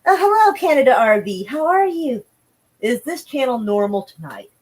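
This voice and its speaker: A blunt, profane woman streamer reads news and gives casual live-stream commentary, chatting and greeting her viewers. Her voice is on the high side with big pitch swings, a little mellow, at a moderate pace, on a rough recording.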